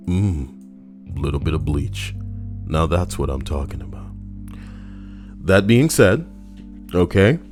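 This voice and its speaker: A man's voice: deep voice, a little mellow. A man reading stories aloud for his channel and breaking off into joking, rambling asides, swearing casually.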